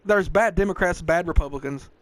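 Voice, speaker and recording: On a dry recording, a Southern-accented man in his twenties speaks fairly quickly in a slightly high, a bit bright voice. He's a podcast host from the American South, keeping the chat loose, full of profanity, and peppered with "bro" and "dog."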